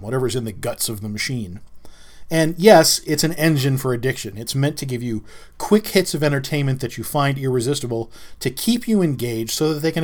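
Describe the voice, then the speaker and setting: Wry rambling middle-aged male podcaster. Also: medium pitch. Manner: rambling, wry, self-interrupting storyteller. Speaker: podcast host. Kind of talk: casual monologue.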